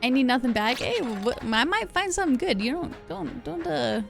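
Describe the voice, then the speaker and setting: A woman's voice: sits high, sing-song, normal speed, vocal fry, soft background music. A young woman chatting casually while she plays a game live, giggly and self-deprecating. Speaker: streamer. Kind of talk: casual live gameplay commentary.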